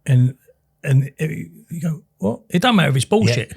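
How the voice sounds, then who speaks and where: A man's voice: fairly high pitch, very animated, normal speed, vocal fry, a little mellow, husky. A man hosting a casual podcast chat, rambling and explaining through examples.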